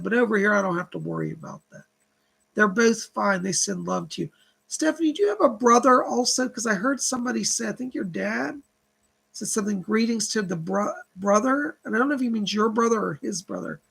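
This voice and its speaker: A man with a high, gravelly voice that's a bit bright and slightly rough hosts a live psychic reading stream. As a medium, he reads out viewer donations and passes along spirit messages in long chains of "she said."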